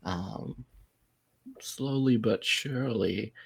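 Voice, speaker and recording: A man narrating as game master of a tabletop game, unhurried and rambling, with many ums and likes. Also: medium pitch, creaky, slightly rough.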